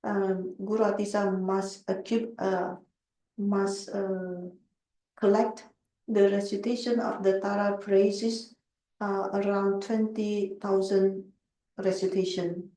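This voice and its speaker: A woman interpreting a Buddhist teaching, halting and searching for words. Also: mid-range voice, little pitch movement, warm tone, roomy sound, recorded from a distance, poor audio.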